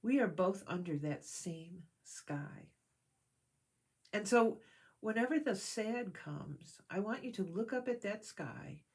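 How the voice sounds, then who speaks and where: Piglet, read by a woman, gentle and kind. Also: mid-range voice, animated, takes it slowly, husky, full character voice. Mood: reassuring. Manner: gentle and reassuring. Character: kind gentle little male piglet, a caring friend. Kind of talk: storybook reading.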